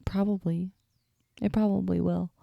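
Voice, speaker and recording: A woman's voice: medium pitch, little pitch movement, moderate pace, creaky, no echo, dull audio. A young woman hosting a podcast, telling stories in a chatty, self-deprecating way, sleepy and yawning, with a stutter at times. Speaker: podcast host. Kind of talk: casual solo storytelling.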